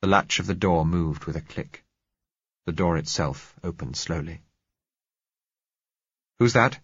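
Deep, husky male narrator. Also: fairly even intonation, no echo. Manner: measured, reflective first-person telling. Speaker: audiobook narrator. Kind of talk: scripted narration. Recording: dull lo-fi recording.

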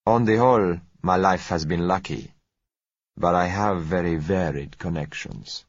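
A man voicing a polite South American oil dealer in an audiobook, with a gentle, unhurried, courteous manner. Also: sits low, no echo, lo-fi sound. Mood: smooth, courteous.

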